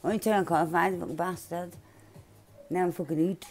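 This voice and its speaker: A woman giving loud, excitable gameplay commentary, swearing freely, shouting and laughing. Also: on the low side, a little fast, music in the background. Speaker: gaming channel host.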